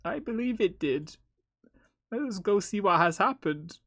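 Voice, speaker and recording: A man voicing a polite older male cafe-owner bird, talking in a formal, gentle and measured way. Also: high voice, animated, dry recording, studio quality, heavily acted. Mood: kindly.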